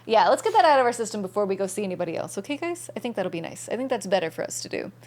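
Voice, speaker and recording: A woman's voice: medium pitch, big pitch swings, very fast, a little mellow. A young woman streaming a game, chatting casually and bubbly with viewers and thanking them by name.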